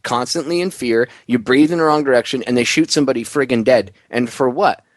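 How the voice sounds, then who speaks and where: A man's voice: medium pitch, fairly quick, no echo. A man hosting a political talk radio show, ranting bluntly with heated sarcasm.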